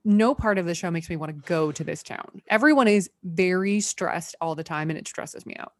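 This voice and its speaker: Woman podcast cohost, low-ish voice, chatty, asks a lot, dry recording. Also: no echo. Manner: chatty, questioning, quick asides. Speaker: podcast co-host. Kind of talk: casual chat.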